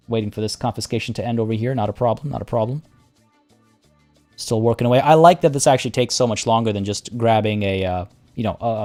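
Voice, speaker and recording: Mellow-voiced male game streamer. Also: on the low side. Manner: relaxed, chatty, talks to units. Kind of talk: casual gameplay commentary.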